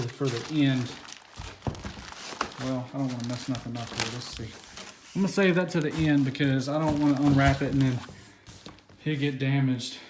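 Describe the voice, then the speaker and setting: Twenty-something southern guy unboxing car parts, hyped and a little winded, roomy echo and faint hiss. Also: medium pitch. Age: 20s. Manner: excited, rambling, many fillers. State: out of breath. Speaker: car vlogger. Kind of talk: casual unboxing vlog.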